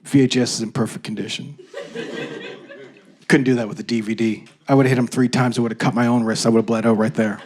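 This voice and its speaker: A man in his thirties from Canada performing a stand-up comedy set on stage into a handheld mic, telling stories in an animated way. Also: medium pitch, a little fast. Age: 30s. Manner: animated storytelling, jumps into loud acted-out voices.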